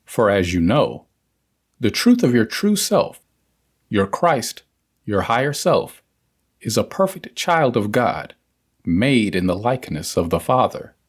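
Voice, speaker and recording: Man narrating with lively pitch. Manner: measured, deliberate reading. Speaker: audiobook narrator. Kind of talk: scripted audiobook narration.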